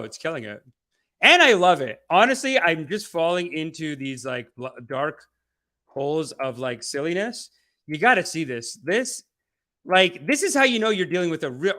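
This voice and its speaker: A man's voice: sits high, pushed and bright. A man hosting a podcast, rambling, profane and mocking in loose commentary. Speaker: podcast host.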